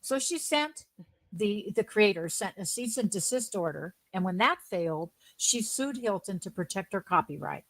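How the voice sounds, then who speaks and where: A woman's voice: mid-range voice, lively intonation, moderate pace, a bit bright, no echo, low-quality recording. A woman co-hosting a community news stream, reading scripted updates in an earnest, friendly manner. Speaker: co-host.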